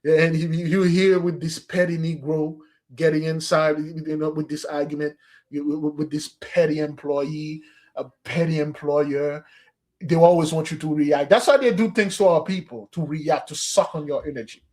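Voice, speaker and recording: A man delivers a preaching address on a fasting day, speaking emphatically, calling listeners "beloved" and dropping into street slang. His voice is on the high side, a little mellow, with fairly even intonation at normal speed.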